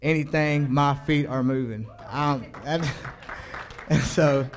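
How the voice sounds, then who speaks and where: A man's voice: fairly high pitch, unhurried, a faint crowd. Earnest young man telling his testimony. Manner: earnest, rambling, slangy, self-interrupting. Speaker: church youth giving testimony. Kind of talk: casual spoken testimony.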